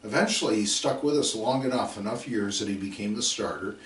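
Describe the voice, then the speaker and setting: The middle-aged coach's voice is lowish and a little fast, with slight hiss or hum in the background. He delivers a football coaching lecture emphatically, repeating drill calls, telling stories, and acting out players. The distant microphone leaves it sounding roomy.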